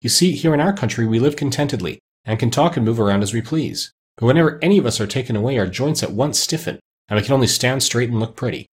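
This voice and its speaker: A man's voice: medium pitch, animated, fast talker, few pauses, slightly rough. A man voicing a timid china princess. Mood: wistful. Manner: frightened, prim and polite.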